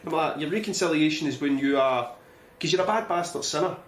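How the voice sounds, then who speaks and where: A man's voice: a little high, fast talker. A Scottish man co-hosting a podcast, telling sweary anecdotes in casual chat. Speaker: podcast co-host. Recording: roomy echo, faint noise.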